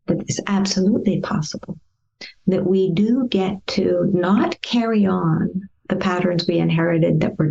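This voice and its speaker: A woman therapist in an interview, telling a client's story and acting out the past conversations in a gentle, lively way. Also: medium pitch, gravelly, muffled recording. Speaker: therapist guest.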